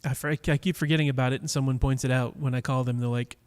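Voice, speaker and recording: A man hosts a live stream from a cigar lounge, talking into a microphone in casual chat that rambles with lots of fillers and restarts as he teases his viewers. He talks fast, at a medium pitch with fairly even intonation and a clean, darkish tone.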